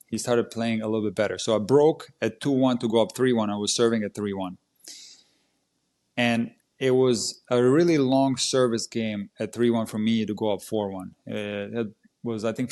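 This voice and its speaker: A tennis coach telling a match story in a casual, vivid and animated way on a podcast. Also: male voice, medium pitch.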